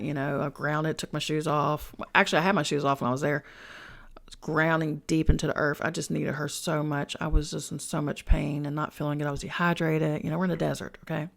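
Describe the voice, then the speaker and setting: A woman's voice: low voice, vocal fry. A woman hosting a podcast, telling a personal story in a chatty, slangy way, swearing and speaking straight to her listeners. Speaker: podcast host and spiritual coach. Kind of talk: casual storytelling.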